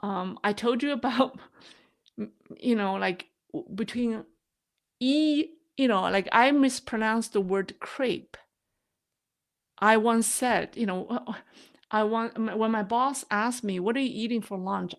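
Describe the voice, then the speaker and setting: A woman, a non-native English speaker, hosting a casual live stream, chatty and quick to laugh at herself. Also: medium pitch, gravelly. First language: not English. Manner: chatty, laughs often, self-deprecating.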